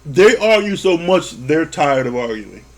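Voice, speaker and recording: A man with a somewhat high-pitched voice gives a loose, unscripted review of a reality TV episode. He swears freely and laughs often. He slips into quick impressions of the people on the show. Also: sing-song. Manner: profane, laughs often, acts out quotes. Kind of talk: casual commentary.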